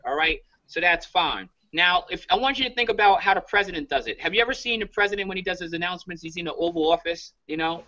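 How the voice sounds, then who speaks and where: A bright, high-voiced man from New York coaches his team over a dull, lo-fi video call. He talks fast and emphatically and keeps checking in with "all right?". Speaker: leadership coach.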